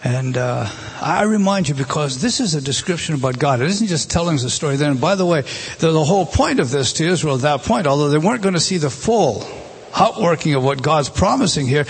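A man's voice: fairly high pitch, animated, fairly quick, slightly rough. A man preaching a sermon, emphatic and often repeating words as he speaks.

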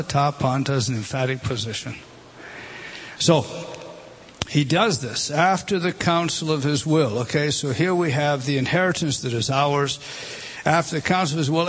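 A man of ordinary pitch teaches a Bible passage word by word, breaking off and starting over again and again. He climbs higher and louder to stress a point, under a faint steady background noise. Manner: halting, many restarts, points at a page and rises when stressing a word.

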